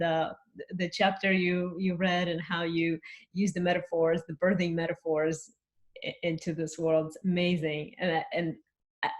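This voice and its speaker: A woman hosting an interview who gushes with praise and stumbles over her words. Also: on the low side. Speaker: host.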